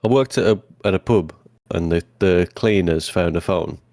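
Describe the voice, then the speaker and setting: A man's voice: deep voice, moderate pace, a little mellow, no echo, studio quality. A man, a podcast co-host telling a story in blunt, casual chat with plenty of swearing.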